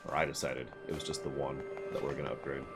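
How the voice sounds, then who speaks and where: A man's voice: rumbling low, level tone, fast talker. A man casually commenting on his game for his stream viewers, rambling and sarcastic, and sometimes laughing. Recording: music playing behind.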